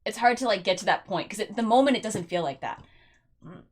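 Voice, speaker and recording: A woman chatting casually as she plays through a story game, animated and filler-heavy. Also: mid-range voice, fast. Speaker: let's play host.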